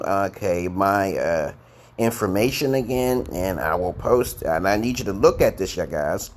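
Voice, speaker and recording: A man teaching English on a live stream, reading out viewers' comments in a playful, boastful way. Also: medium pitch. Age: adult. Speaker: online English tutor.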